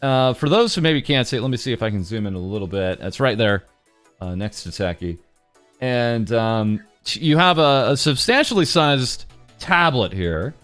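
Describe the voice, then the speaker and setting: A man's voice: on the low side, expressive, normal speed, clear, resonant tone, no room sound, soft background music. A man hosting an interview, asking questions casually with frequent hesitant fillers. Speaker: interviewer host.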